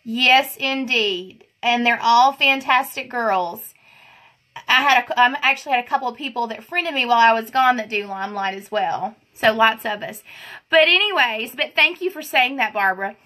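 Lady rambling on a livestream, high bright voice, super chatty and giggly. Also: normal speed. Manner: chatty, greets viewers by name, giggly. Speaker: livestream host. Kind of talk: casual live chat while doing makeup.

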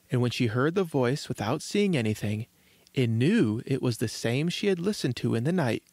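Man, storybook narration, children's podcast host, measured gentle reading, mid-pitched, dry close sound. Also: dry recording.

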